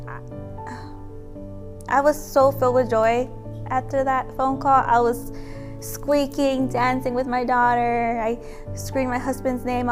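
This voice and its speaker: A woman's voice: high voice, level tone, measured pace, long pauses, music in the background. A young woman telling her own story as a pregnancy center client, chatty and emotional, full of gratitude. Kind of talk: testimonial video.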